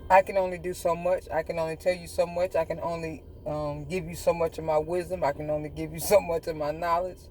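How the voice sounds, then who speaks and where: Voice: medium pitch, little pitch movement, a little mellow, slight background noise. A livestream host talking casually, ranting in a profane, mocking and exasperated way, stretching out and repeating words for emphasis. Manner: drawn-out, emphatic repetition. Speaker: livestream host giving health advice. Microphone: phone mic on a social media live stream.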